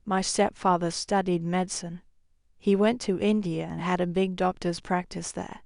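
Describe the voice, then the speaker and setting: A woman playing a frightened young client, gravelly. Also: lowish voice, fairly even intonation, normal speed, a little mellow, no room sound, clean studio sound. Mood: worried. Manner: anxious, pleading.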